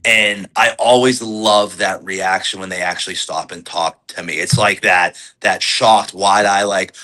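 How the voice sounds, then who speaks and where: A man's voice: low voice, measured pace, rough recording. A man in his forties, a pro wrestler, talking candidly in a podcast interview, rambling with lots of fillers and restarts. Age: 40s. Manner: animated when quoting fans.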